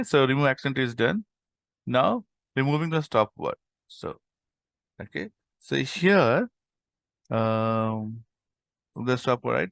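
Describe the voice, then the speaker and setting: Slow, gravelly man teaching code. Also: mid-range voice, a bit bright, no room sound, clean studio sound. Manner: thinks aloud while typing, many fillers like okay and um. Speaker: programming tutor. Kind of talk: screen-recorded coding lesson.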